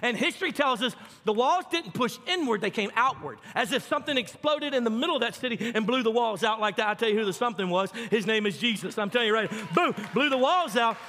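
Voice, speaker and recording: A male pastor preaching a sermon with animated, folksy storytelling and fervent emphasis. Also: very high voice, fast talker, few pauses, long reverb tail, a little hiss or hum.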